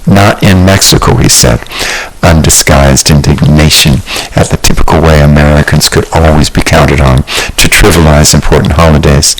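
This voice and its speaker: A man narrating a novel as an audiobook, in an expressive, measured storytelling manner. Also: very deep voice, poor audio. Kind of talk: scripted narration.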